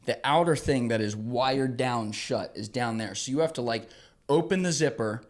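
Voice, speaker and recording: A young man, a podcast guest, telling a long story with lots of swearing and sudden shouted quotes, acting out the people in it. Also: medium pitch, moderate pace. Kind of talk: animated storytelling in casual conversation.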